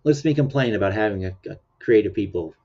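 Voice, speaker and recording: A man's voice: lowish voice, animated, fast talker, a little mellow. A man hosting a livestream in casual chat, rambling and laughing often while sleepy and yawning. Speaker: livestream host. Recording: dull lo-fi stream audio.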